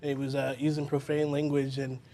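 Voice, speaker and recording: A male witness gives a halting, plain account of what he saw in a televised courtroom. A faint hiss sits under his voice. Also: mid-range voice, completely flat delivery, warm tone.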